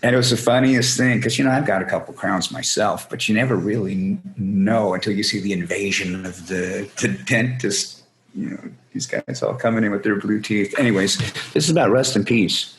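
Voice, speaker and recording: A man's voice: on the low side, normal speed, slight background noise, poor audio. A man, a band frontman, telling rambling, salty anecdotes in an interview and acting out other people's voices. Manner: rambling anecdotes, acts out voices in quotes, swears freely. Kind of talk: casual storytelling interview.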